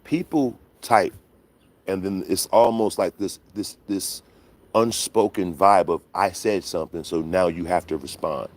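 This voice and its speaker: A man's voice: low-pitched, a little mellow. A man hosting a livestream, ranting bluntly and profanely with lots of rhetorical questions. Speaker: livestream host.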